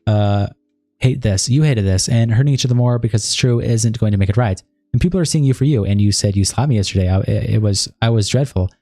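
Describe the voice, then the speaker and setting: Man, livestream host, reads messages aloud at a breakneck pace, low mellow voice, dry sound. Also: quick pace, no room sound, soft background music. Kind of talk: reading text messages and statements aloud on a livestream.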